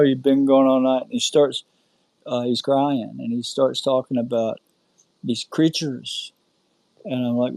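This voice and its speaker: A middle-aged man with a Southern American accent, earnestly telling his own story in casual talk, with halting fillers and restarts. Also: medium pitch, mellow, no room sound, poor audio. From North Carolina, USA. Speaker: guest telling his experience. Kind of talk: casual storytelling on a live audio chat. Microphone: home mic on an online audio space.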